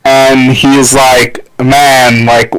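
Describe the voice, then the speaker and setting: A man's voice: medium pitch, flat delivery, drawn-out words, a bit bright, clear, resonant tone, poor audio. A man on a podcast talking in casual chat, stopping and restarting as he searches for his words. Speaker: podcast co-host.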